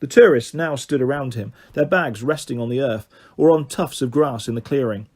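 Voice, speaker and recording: A man reading a children's story aloud, expressive and animated as the storyteller. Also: mid-range voice, moderate pace, slightly rough.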